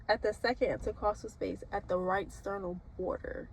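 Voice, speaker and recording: A woman's voice: medium pitch, normal speed, slight background noise, poor audio. A young woman nursing student, rambling casually to camera with lots of fillers and restarts. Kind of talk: casual vlog talk.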